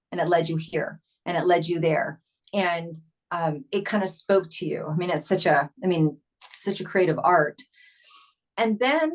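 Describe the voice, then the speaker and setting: Encouraging woman podcast host. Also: mid-range voice. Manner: encouraging, long rambling questions. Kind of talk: casual interview.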